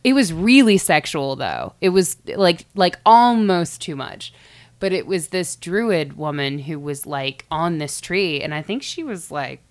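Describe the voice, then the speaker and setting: A woman's voice: lowish voice, big pitch swings, measured pace. A woman co-hosting a casual podcast, chatting and explaining things she read with lots of hedges and laughs. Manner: chatty, hedging, laughs often while explaining research. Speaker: podcast co-host.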